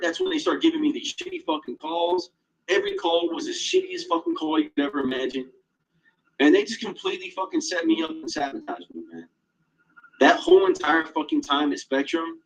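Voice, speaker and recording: Agitated, swearing man with a husky voice. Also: fairly high pitch, low-quality recording. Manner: agitated, profane, heavy swearing. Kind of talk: casual monologue.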